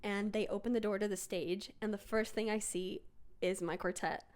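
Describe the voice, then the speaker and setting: A woman's voice: fairly even intonation, normal speed, a little mellow. A young woman telling a personal story in a casual vlog, chatty and full of "like". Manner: chatty, fills with "like" and "bro"; jumps into high voices when quoting.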